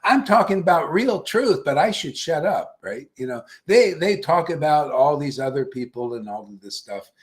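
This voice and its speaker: Brief: male spiritual teacher, slightly high voice, blunt and swearing, loud-to-mutter swings, laughs a lot. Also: lively intonation, normal speed, hardly any pauses. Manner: blunt and profane, swinging between loud bursts and muttered asides; laughs often. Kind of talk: informal devotional lecture.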